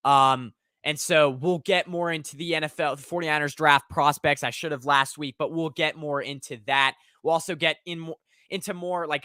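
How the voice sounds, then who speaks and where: A man's voice: a little high, sharp tone, no echo, studio quality. A young man hosting a sports livestream, rambling casually and reading viewer chat aloud. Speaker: sports podcast host.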